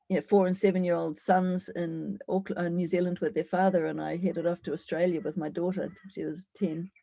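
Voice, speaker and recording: Candid woman in her sixties, mellow voice. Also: on the low side, no room sound. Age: 60s. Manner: candid, reflective storytelling with frequent fillers. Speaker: summit speaker. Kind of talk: personal life story talk.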